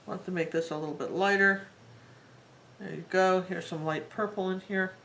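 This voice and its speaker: A woman's voice: fairly low pitch, fairly even intonation, moderate pace, vocal fry, poor audio. A woman teaching a live painting tutorial, talking in a chatty and rambling way as she works. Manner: chatty, rambling and warmly enthusiastic. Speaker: art teacher.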